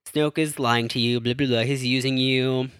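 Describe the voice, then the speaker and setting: A man's voice: medium pitch, steady tone, moderate pace, fairly bright tone, clear, resonant tone, no room sound, clean studio sound, natural voice. A man voicing a weary older male smuggler pleading with his son, in an earnest, plain manner.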